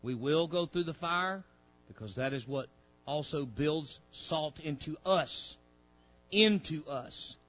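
A man preaching a sermon in a church, dropping to low murmurs and rising to loud shouted peaks. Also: animated, slow, lo-fi sound, soft background music. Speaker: pastor.

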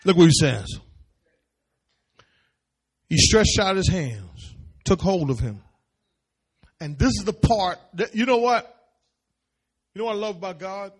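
A man preaching a sermon in church, animated, repeating phrases and building up to shouts. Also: sits high, unhurried, long pauses, breathy edge. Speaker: pastor. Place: church service.

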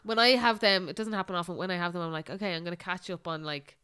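A young Irish woman co-hosting a podcast in casual, animated chat. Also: fairly low pitch, quick pace, clear, resonant tone. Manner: animated, exclaiming, relaxed. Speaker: podcast co-host.

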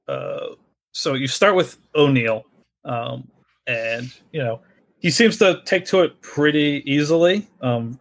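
A man's voice: mid-range voice, fairly bright tone. A man running a tabletop horror game as game master, talking loosely with many fillers and restarts.

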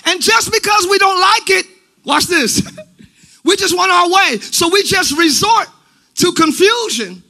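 A middle-aged man preaching a sermon as pastor in a church, shouting his points with animated emphasis. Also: very high-pitched, a little slow, gravelly. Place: church sanctuary.

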